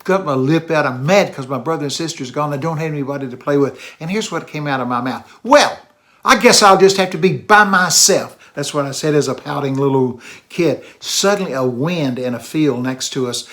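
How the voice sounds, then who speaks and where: A man's voice: mid-range voice, fairly quick, hardly any pauses. An older man with an East Texas accent, preaching through a childhood story and acting out the voices in it. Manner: animated storytelling, acts out voices. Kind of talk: sermon storytelling.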